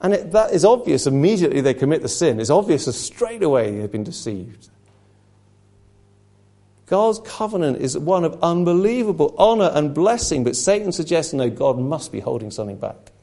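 A man's voice: a little high, sing-song, moderate pace, mellow. A man preaching a sermon, impassioned and rhetorical, slipping into mocking asides.

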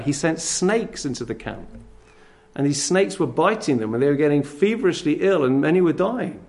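A man preaching a sermon. He speaks emphatically and addresses his listeners directly with commands. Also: medium pitch.

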